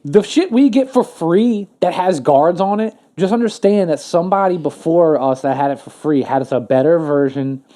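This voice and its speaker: Rambling, profane man with a mellow voice. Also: a little high, normal speed, few pauses. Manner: rambling, profane, full of fillers and restarts. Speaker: podcast co-host. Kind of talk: casual podcast chat.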